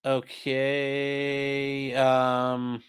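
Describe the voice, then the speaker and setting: Man host live-streaming, smooth voice, loose and profane, chatty asides to viewers. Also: mid-range voice, monotone, very slow. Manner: rambling, profane, jokey asides to chat. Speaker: livestream host. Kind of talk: casual live-stream commentary.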